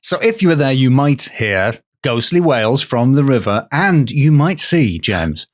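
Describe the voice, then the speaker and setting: A man hosting a podcast, telling a folk tale in casual chat, playful and quick to laugh. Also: mid-range voice, sing-song. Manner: playful, laughs often, tells folklore. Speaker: podcast storyteller host.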